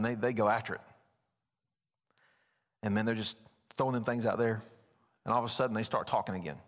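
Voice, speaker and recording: A man preaching a sermon as pastor, folksy and telling stories. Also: on the low side. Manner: folksy, storytelling, animated at times. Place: church sanctuary. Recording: long church reverb.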